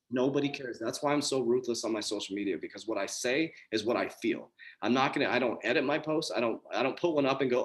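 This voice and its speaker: Man, forties, motivational coach, earnest and emphatic, repeats himself for effect, mid-pitched voice, video call. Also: fast, few pauses. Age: 40s. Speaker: coach and community host. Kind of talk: motivational talk on a group call.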